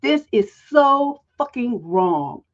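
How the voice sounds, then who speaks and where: A woman's voice: on the high side, big pitch swings, slow pace, muffled recording. A woman relationship coach on a livestream advice show, talking bluntly with heavy profanity.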